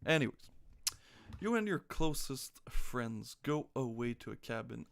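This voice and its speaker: A man's voice: mid-range voice, sing-song, a little slow, gravelly. A man chatting casually on a live stream, joking crudely and reading quiz questions aloud. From North America.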